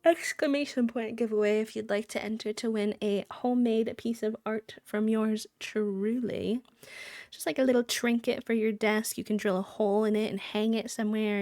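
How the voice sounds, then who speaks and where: A woman's voice: mid-range voice, steady tone, normal speed, darkish tone, no room sound. A woman live streamer chatting casually and playfully with her viewers, breaking into sing-song countdowns.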